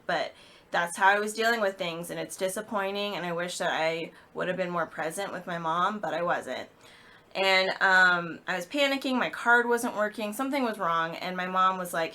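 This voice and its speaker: Bright-voiced woman telling a personal story. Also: lowish voice. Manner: emotional, halting, frequent fillers. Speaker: vlogger.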